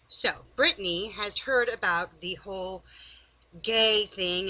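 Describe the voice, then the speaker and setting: A woman's voice: a little high, pushed and bright, low-quality recording. A woman doing a casual late-night recap from home, tired, chatty and exasperated. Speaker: recap vlogger. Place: home, in pajamas.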